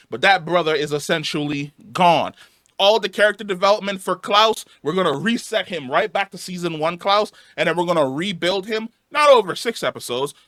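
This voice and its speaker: Furious, bright-voiced man ranting. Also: high-pitched, no room sound, studio quality. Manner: angry, swearing, emphatic repetition. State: losing his voice. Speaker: show reviewer. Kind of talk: heated reaction rant.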